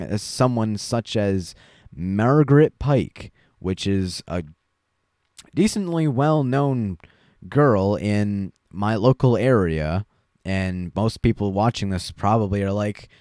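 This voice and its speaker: A man's voice: lowish voice, a little mellow, no echo, studio quality. A young man hosting a podcast, telling a story in a rambling, wry way with lots of fillers. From Chinese family background. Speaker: podcast host. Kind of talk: casual monologue.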